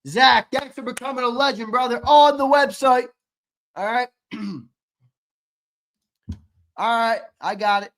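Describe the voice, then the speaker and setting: His voice is very high and a bit bright, unhurried and full of pauses, as this podcast host leads a sports live stream. He jokes around casually, laughs frequently and reads out what viewers type.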